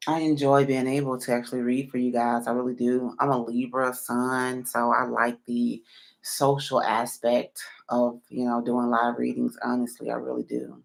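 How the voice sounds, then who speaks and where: A woman's voice: very deep voice, level tone, normal speed, creaky. A woman reading tarot on a late-night live stream. She is sleepy and yawning, and she rambles through many fillers while she answers viewers one by one.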